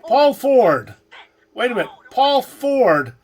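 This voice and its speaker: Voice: mid-range voice, big pitch swings, takes it slowly. A person chatting casually while watching an old film, naming the actors on screen in a hesitant, musing way. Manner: hesitant, musing, often trailing off. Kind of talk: casual watch-along commentary. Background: faint film soundtrack.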